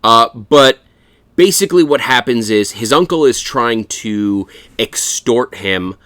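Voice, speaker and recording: A man's voice: medium pitch, animated, takes it slowly, a bit bright, no room sound. A man co-hosting a casual film review podcast, swearing freely and laughing as he recaps scenes. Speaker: podcast co-host.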